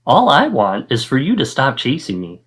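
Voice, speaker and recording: A man's voice: mid-range voice, wildly swooping pitch, moderate pace, fairly bright tone, slightly rough, voice pushed up, exaggerated voice. A male teacher voicing a big, apologetic male dragon in a children's storybook, in a lightly raised voice. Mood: plain.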